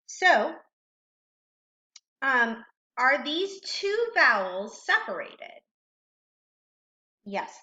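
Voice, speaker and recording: In a roomy, slightly dull recording, a woman teaches phonics as a reading teacher, asking questions patiently and offering praise. Her voice is a little high, with a bright, forceful tone.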